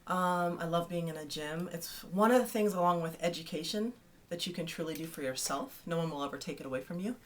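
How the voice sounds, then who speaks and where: Woman in her thirties, fan-newsletter host; chatty, teasing, a touch low-pitched. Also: brisk. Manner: chatty and playful, teasing asides. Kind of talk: casual vlog to fans.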